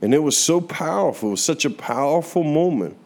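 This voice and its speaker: A young man preaching, telling a personal testimony in an earnest voice that slows down for emphasis. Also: a little high, lively intonation, darkish tone. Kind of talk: sermon testimony. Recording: guitar music playing underneath.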